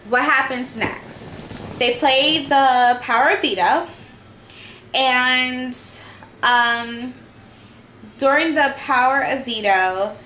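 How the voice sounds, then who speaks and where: A woman with a slightly high, fairly bright voice recaps a reality show as a fan, making her arguments and speaking directly to the people she's discussing. The room sounds echoey, with faint noise.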